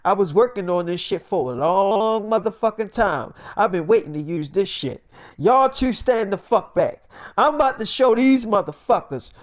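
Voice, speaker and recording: A loud, bossy survivor who curses through every order and boasts about his homemade weapon, as a man puts him on while telling the story. The voice sits high and carries an edge of bluster. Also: animated, moderate pace. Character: brash boastful man, gun-loving survivor, cursing.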